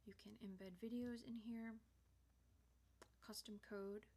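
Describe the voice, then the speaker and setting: A woman hosting a software tutorial, chatting casually as she clicks through features on screen. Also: mid-range voice, fairly even intonation, slow pace, husky. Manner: casual, chatty walkthrough with fillers.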